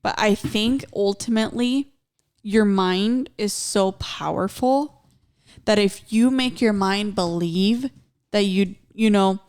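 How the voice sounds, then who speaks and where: A woman's voice: medium pitch, takes it slowly, darkish tone, smooth. A woman co-hosting a casual podcast, talking in an earnest, reflective way and slipping in Spanish phrases. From Mexican-American. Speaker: podcast co-host.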